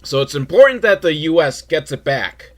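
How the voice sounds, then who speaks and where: A man's voice: on the high side, sing-song, normal speed, fairly bright tone. A man hosting a comedic podcast, recapping a film with sarcastic, rambling asides. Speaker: podcast host.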